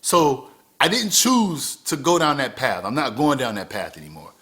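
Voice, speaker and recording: A man's voice: mid-range voice, sing-song, normal speed, fairly bright tone. A man in his thirties giving an earnest motivational talk to camera, repeating phrases for emphasis. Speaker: vlogger.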